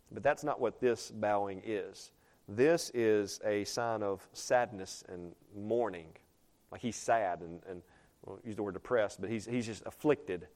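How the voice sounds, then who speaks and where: Reading scripture aloud in older English, this pastor preaches in a mid-range, somewhat mellow voice. His tone is conversational, and he directs questions at the congregation.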